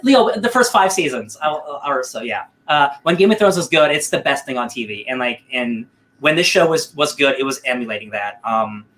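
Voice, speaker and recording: A man's voice: medium pitch, expressive, moderate pace, fairly bright tone. A man co-hosting a casual podcast, talking in a rambling, upbeat way with lots of fillers and restarts. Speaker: podcast co-host.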